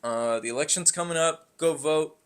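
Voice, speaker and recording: A man's voice: fairly high pitch, normal speed, clear, resonant tone. Rambling young man chatting casually. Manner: rambling, tangent-prone storytelling with profanity. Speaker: podcast co-host. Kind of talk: casual chat.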